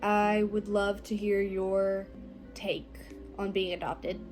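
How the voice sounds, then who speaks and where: A teenage girl talking casually to the camera, slow and reflective, her phrases often trailing off softly. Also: medium pitch, little pitch movement, faint music behind, low-quality recording. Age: teens. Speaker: vlogger. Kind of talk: casual personal talk to camera.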